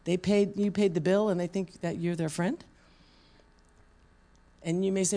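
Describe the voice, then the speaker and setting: A woman preaching a sermon with a gravelly, fry-edged voice. She talks to the room conversationally, tosses out questions and slips into quoted voices as she tells it. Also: fairly low pitch, moderate pace, pauses often, warm tone.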